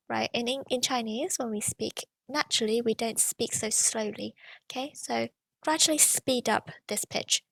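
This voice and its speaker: Creaky-voiced woman teaching slowly. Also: on the high side, bright, forceful tone, dry recording. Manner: patient, demonstrating tones with sung syllables; frequent "okay" and "right" checks. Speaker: language teacher. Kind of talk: pronunciation lesson.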